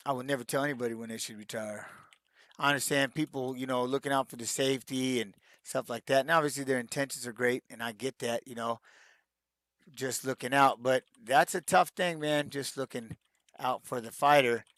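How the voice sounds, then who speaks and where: A man's voice: mid-range voice, steady tone, brisk, fairly bright tone, dry recording, studio quality. A middle-aged man, a retired fighter, answering fan questions in a casual live-stream Q&A, rambling with many restarts and fillers.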